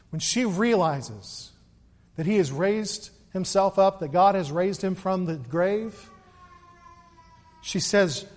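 A man giving an earnest Easter sermon as pastor, repeating words and moving between quick asides and slow, weighty emphasis. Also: sits high, a little mellow. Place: church sanctuary. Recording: long reverb of a large hall.

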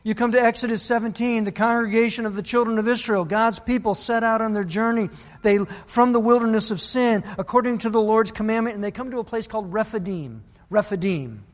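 A man's voice: sits high, brisk, long reverb tail. A male pastor preaching a sermon, telling a Bible story and acting out the people's voices. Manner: storytelling, acts out biblical voices.

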